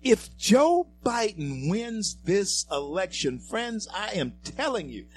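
Slow, emphatic male talk radio host. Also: sits high, very animated, faint music behind. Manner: emphatic, preachy, addresses listeners as folks and friends. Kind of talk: political talk radio commentary.

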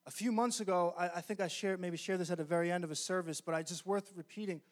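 A male pastor preaching a sermon in an earnest, emphatic way, often slowing down to stress key phrases. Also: high-pitched, steady tone.

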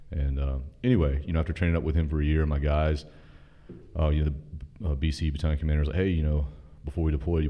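Very deep-voiced fast-talking man. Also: dull audio. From North Carolina. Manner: profane, animated, quotes dialogue in his story. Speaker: podcast guest, former Army officer. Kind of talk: casual storytelling.

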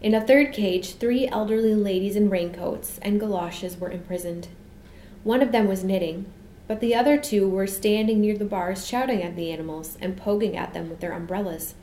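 A woman narrating a children's storybook in a measured, expressive reading, recorded in an echoey room. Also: mid-range voice, slight background noise. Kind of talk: storybook read-aloud.

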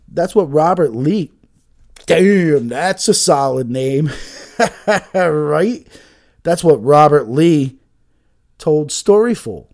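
A man's voice: on the high side, gravelly, darkish tone. A man casually reading out news stories and adding profane, sarcastic asides, often trailing off and mumbling to himself. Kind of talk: casual comedic news commentary.

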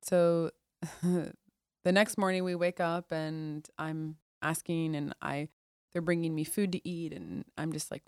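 Low-voiced woman recounting her childhood. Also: little pitch movement, takes it slowly, clean tone, no room sound, clean studio sound. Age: adult. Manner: conversational, many restarts, often drops soft and quiet. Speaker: podcast guest, Air Force officer. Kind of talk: candid personal storytelling.

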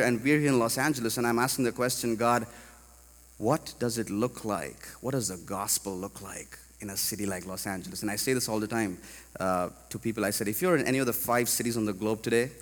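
A man from India preaching a sermon to a congregation, animated and rising to loud emphatic peaks. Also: mid-range voice, long reverb tail. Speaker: pastor. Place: large church hall.

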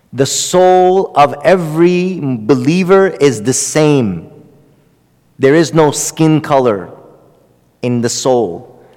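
A man's voice: mid-range voice, a little mellow, smooth, big-room sound. A man teaching a religious text to an audience in a conversational, emphatic way, repeating words and asking questions. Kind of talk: sermon-style lecture.

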